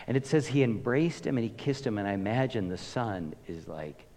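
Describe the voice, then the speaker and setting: A pastor preaching a sermon, telling the story with emphasis and swinging between loud and hushed delivery. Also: male voice, lowish voice, expressive, fairly quick. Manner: emphatic storytelling, rises and drops in volume. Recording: echoey hall with long reverb.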